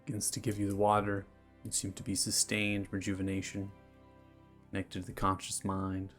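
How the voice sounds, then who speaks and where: A man's voice: fairly low pitch, monotone, normal speed, a bit bright, soft background music. A man narrating a tabletop roleplaying game as game master, in loose, hedging descriptions.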